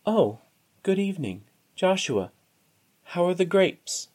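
A gentle young noblewoman from a storybook, kind but firm, with a soft, quiet delivery, as a man voices her. The voice sits slightly high and moves with lively pitch. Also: slow pace, exaggerated voice. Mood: polite.

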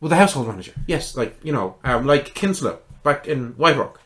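A man voicing a cheerful, chatty noblewoman friend who talks briskly and eagerly reassures the others. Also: mid-range voice, animated, a bit bright, lightly acted.

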